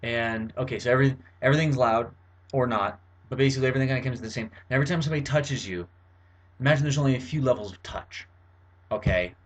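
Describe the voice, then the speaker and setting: A man's voice: medium pitch, fast talker. Rambling young man explaining at home. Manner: rambling, verbose, many fillers and restarts. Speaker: vlogger. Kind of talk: casual explanatory monologue to camera. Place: bedroom at home.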